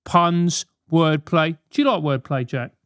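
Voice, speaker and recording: A man's voice: on the high side, a little slow, fairly bright tone, smooth, no room sound, clean studio sound. A man in his thirties with a London accent, hosting a podcast and answering listener letters with blunt, sweary, mock-outraged banter. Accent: London English. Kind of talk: comedic advice monologue.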